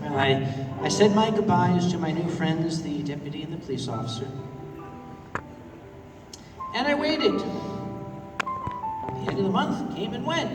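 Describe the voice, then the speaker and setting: A man telling a comic story to a convention audience, wry and conversational with deadpan asides. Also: on the high side, a little slow, pauses often, over loud music. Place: large convention hall. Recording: echoey hall from far off.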